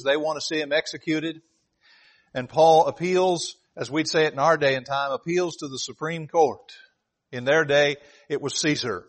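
A man preaching a sermon, emphatic and repeating key phrases as he reads scripture aloud. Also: fairly high pitch.

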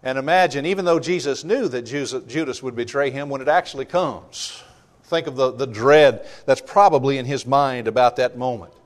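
A man's voice: mid-range voice, normal speed. A man preaching a sermon, explaining a Bible passage earnestly and repeating rhetorical questions. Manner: reads scripture aloud with emphasis.

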